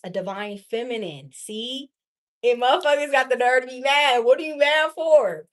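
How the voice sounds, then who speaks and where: A young woman giving a casual tarot reading to her viewers, sassy and profane, often laughing. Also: high-pitched. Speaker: tarot reader.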